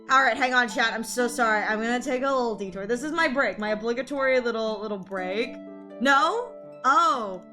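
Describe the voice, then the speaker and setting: A woman VTuber streamer chatting casually in a gremlin-like rather than cutesy voice, rambling and excitable, often breaking into high squeals and laughter. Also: normal speed. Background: background music.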